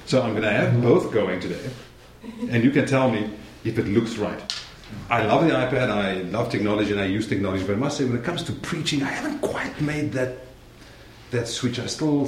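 A young man with a South African accent preaching a sermon as a guest preacher, friendly and joking with the congregation. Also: fairly low pitch. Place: church sanctuary. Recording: roomy church sound, faint noise.

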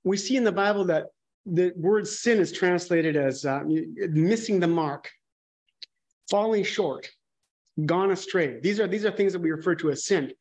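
A man's voice: high-pitched, measured pace, a little mellow. A man preaching a conversational sermon, candid and musing, thinking aloud and often restarting his sentences.

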